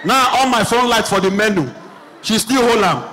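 A young man with a Nigerian Pidgin English accent doing an animated stand-up routine on a comedy stage, telling shouted stories with punchy asides. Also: extremely high pitch, moderate pace, a faint crowd, slight background noise, low-quality recording.

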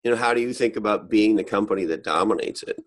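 A Canadian-born man hosting a podcast, asking questions in a relaxed, joking way with frequent restarts. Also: lowish voice, quick pace. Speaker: podcast host. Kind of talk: casual podcast interview.

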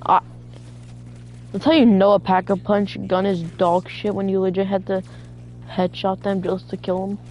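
A woman's voice: medium pitch, flat delivery, normal speed, long pauses, a little mellow, a little hiss or hum. A woman gamer in casual chat while playing co-op zombies, bossing her teammate around with profane trash talk. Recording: dull lo-fi audio with faint music.

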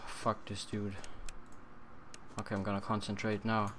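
A young man doing horror game commentary at home on a desk mic, swearing often and yelling at jump scares. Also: fairly low pitch, monotone, measured pace, background noise. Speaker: let's play gamer.

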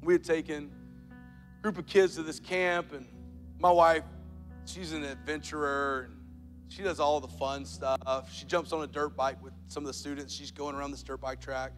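High-voiced male pastor preaching. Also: little pitch movement, moderate pace. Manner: storytelling, builds to loud emphatic preaching. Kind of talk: sermon. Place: large church auditorium. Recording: church hall reverb with soft music.

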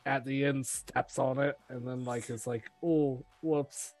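A man's voice: mid-range voice, little pitch movement, moderate pace, no room sound. A man chatting casually as a podcast guest, rambling with many fillers.

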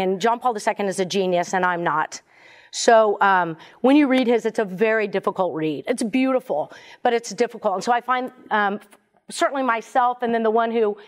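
A woman speaking earnestly and conversationally to a parish audience, with many fillers and restarts. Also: on the high side. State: briefly choked up. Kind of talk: casual faith talk to a parish audience.

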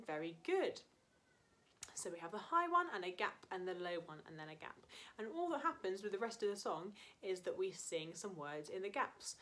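A woman's voice: on the low side, a bit bright. A woman music teacher leading an online singing lesson for children, patient and encouraging as she explains and counts in. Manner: encouraging, patient, speaks to young learners.

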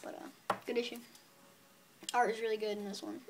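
Chatty upbeat woman, higher voice. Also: little pitch movement, a little fast, background noise. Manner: chatty and upbeat, rambling with fillers. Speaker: comic book vlogger. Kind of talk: casual video review.

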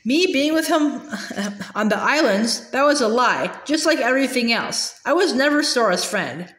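A woman voicing a gentle, apologetic teenage girl, speaking softly and hesitantly while reading a storybook aloud. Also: on the high side, animated, normal speed, roomy sound. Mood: sad.

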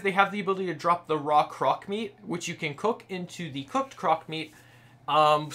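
Young man, game video host, casual loose commentary, bright edgy tone, slightly high voice. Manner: chatty, loose, many fillers while reading aloud. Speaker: gaming channel host.

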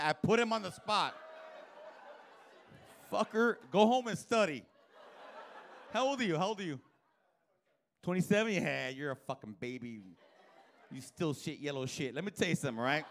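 Brash, high-voiced male stand-up comic. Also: fairly bright tone, a little hiss or hum. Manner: brash, profane, teasing banter with audience. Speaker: stand-up comedian. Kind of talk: live stand-up crowd work. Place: comedy club stage before live audience.

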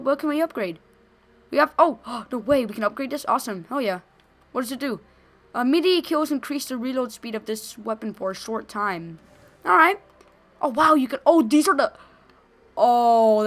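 Excitable young woman gaming commentator. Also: fairly high pitch. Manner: excitable, gushing, shouts during fights. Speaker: gaming video host.

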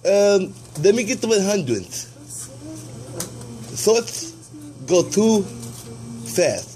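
A young man hosting his own vlog, rambling erratically with sudden loud, excited swings. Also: sits high, drawn-out words, poor audio. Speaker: vlog host. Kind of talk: rambling self-recorded vlog.

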